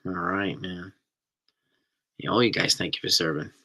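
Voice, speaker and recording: Low-voiced new guy chatting w his stream, bright edgy tone, rambly. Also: steady tone, normal speed. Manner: chatty, rambling, enthusiastic about food. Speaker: host reading live chat. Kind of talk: casual live-stream chat.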